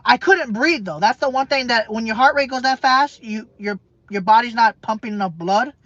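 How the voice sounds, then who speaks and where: A man's voice: extremely high pitch, fairly bright tone, no echo. A man telling a personal story in a rambling way, repeating himself and often restarting his sentences. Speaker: vlogger. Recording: dull, dry lo-fi recording.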